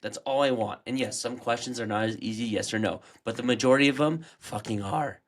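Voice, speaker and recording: A man's voice: medium pitch, a little fast. A man co-hosting a podcast in casual chat, blunt and swearing as he gets fired up. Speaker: podcast co-host.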